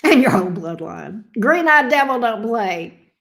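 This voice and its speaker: A woman's voice: a little high, sing-song, unhurried, vocal fry, a bit bright. Blunt, profane woman chatting on a livestream. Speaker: tarot reader and livestream host. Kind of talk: casual livestream chat reading viewer comments.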